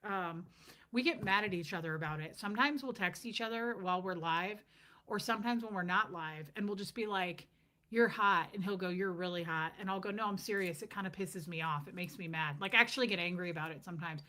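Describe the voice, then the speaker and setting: A woman's voice: on the low side, brisk, bright, forceful tone. A middle-aged woman hosting a casual livestream, joking and greeting viewers by name as she reads their comments.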